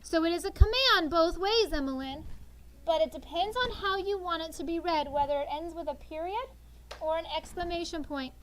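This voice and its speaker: Woman teacher, very high voice, animated, call-and-response with kids, classroom. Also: moderate pace. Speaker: sixth grade teacher.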